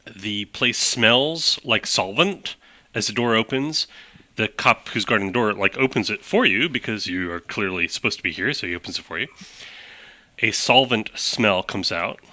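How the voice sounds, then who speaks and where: A man narrating as game master of a tabletop game, talking in animated quick bursts with restarts. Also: on the low side, no room sound.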